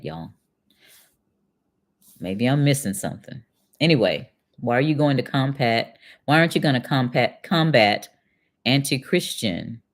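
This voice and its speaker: A middle-aged woman hosting a casual commentary, reading passages aloud and then answering them with pointed, conversational questions to her viewers. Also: rumbling low. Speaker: channel host and retired accountant.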